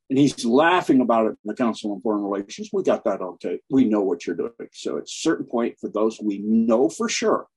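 Husky-voiced man preaching emphatically. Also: lowish voice, expressive, a little fast, few pauses, a little mellow, poor audio. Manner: preachy, emphatic, keeps acting out quoted people. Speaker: guest on online channels. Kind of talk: impassioned spoken monologue.

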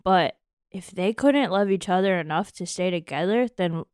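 A woman's voice: fairly low pitch, moderate pace, a little mellow, clear, resonant tone, no echo, studio quality, close to an everyday voice. A woman playing a blunt, mocking teenage girl in an improvised comedy scene, drawing out her words in disgust. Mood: sassy. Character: sassy, picky teenage girl who acts tough.

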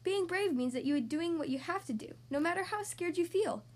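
A kind bear doctor from a storybook speaks calmly and reassuringly, as a woman voices her. Her voice sits high and gentle. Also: a little fast. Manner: calm, reassuring.

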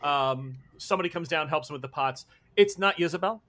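A man's voice: on the high side, fairly quick, fairly bright tone. A man running a tabletop role-playing game as game master, narrating in a casual, rambling way.

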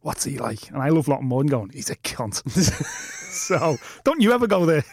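A man's voice: a little high, very animated, fast talker, slight background noise. A man co-hosting a podcast, chatting casually and teasing his co-host with wry remarks. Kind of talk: casual banter.

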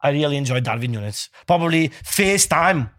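A man co-hosting a casual podcast, speaking haltingly and searching for words with non-native phrasing. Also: fairly high pitch, lively intonation, a bit bright, no room sound, clean studio sound. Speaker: co-host.

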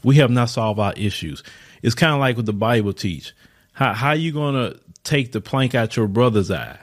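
A man hosting a podcast, giving an emphatic opinion monologue with rhetorical questions and repeated words for stress, speaking. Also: medium pitch. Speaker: podcast host.

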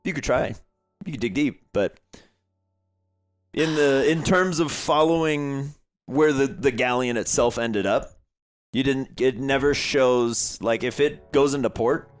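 Laid-back young game master. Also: male voice, mid-range voice, measured pace, soft background music. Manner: relaxed, filler-heavy storytelling. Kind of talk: narrating a tabletop game.

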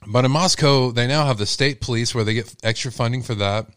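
A man's voice: mid-range voice, a little fast, fairly bright tone, clear, resonant tone, no echo, clean studio sound. A man from Texas with a Texan accent, hosting a true-crime channel and talking to his viewers in blunt, heated, rambling commentary.

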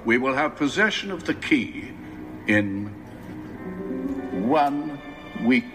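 An actor playing a grave villain in a film clip, speaking slowly and deliberately over a music score. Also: male voice, mid-range voice, animated.

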